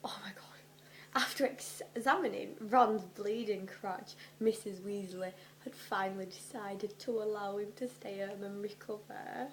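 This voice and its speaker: A young woman doing a comedic dramatic reading, animated and sweary, often dropping into whispers for her asides. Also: mid-range voice, a little slow, hardly any pauses, a little hiss or hum, rough recording. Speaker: vlogger.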